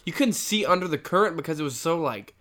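A young man telling stories in casual chat with a friend, excited and jumping in often. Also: a little high, fast. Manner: excited, laughing, interjecting. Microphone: handheld microphone.

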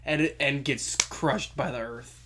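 A woman's voice: a bass voice, slow pace, fairly bright tone, slight background noise. A young woman chatting casually, telling stories with lots of laughing and acted-out quotes. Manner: giggly storyteller, acts out quotes. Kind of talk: casual chat.

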